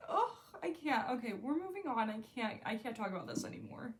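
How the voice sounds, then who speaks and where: A woman's voice: a little high, big pitch swings, a little fast, a little hiss or hum. A young woman vlogging about books she loves, gushing and emotional, full of "like" and half-finished sentences. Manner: gushing, emotional, lots of fillers. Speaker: book vlogger. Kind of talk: casual book review monologue.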